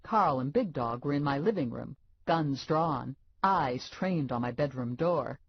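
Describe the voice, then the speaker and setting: Woman audiobook narrator, wry and deadpan, low husky voice with lively pitch. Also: a little slow, dry recording, muffled recording. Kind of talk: first-person audiobook narration.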